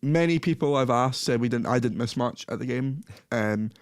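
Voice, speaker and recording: Male podcast co-host, mid-pitched, chatty, dry close mic. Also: moderate pace, no room sound. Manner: chatty, laughs often, self-correcting. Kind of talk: casual football chat.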